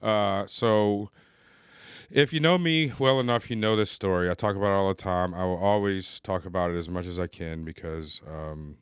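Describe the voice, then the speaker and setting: A man's voice: low voice, steady tone, moderate pace, clean tone, dry recording, clean studio sound. A man hosting a recovery podcast, telling his own story in a candid, loose and chatty way. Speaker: podcast host. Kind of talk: casual recovery podcast conversation.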